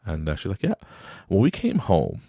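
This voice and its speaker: In a studio-quality recording with no echo, a Canadian podcast host in his thirties recounts a family tale at normal speed, his voice showing vocal fry. He's casual and animated, giggling while mimicking his son in a high-pitched voice.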